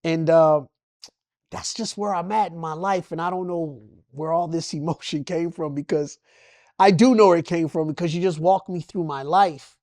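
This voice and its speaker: His voice is a little high and a little mellow, with fairly even intonation and normal speed, recorded with clean studio sound and no echo. The speaker, a Los Angeles man guesting in an emotional personal interview, describes his life passionately through preacher-like bursts and repeated phrases.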